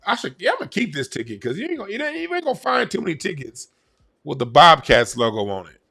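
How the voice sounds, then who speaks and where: Blunt gravelly man ranting. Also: a little high, wildly swooping pitch, quick pace, pushed and bright. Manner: blunt, profane, rambling. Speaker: YouTube commentator. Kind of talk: casual commentary vlog.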